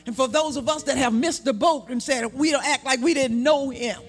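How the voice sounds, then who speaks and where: A man preaching a sermon, shouting and stretching out words for emphasis and acting out the people in his story. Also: extremely high pitch. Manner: shouting, drawn-out emphatic preaching with acted-out voices.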